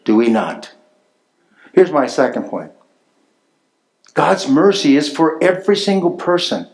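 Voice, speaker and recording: A man's voice: fairly high pitch, sing-song, measured pace, darkish tone, poor audio. Emphatic male pastor preaching a sermon. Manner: emphatic preaching with repetition, rising on key phrases. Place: church sanctuary.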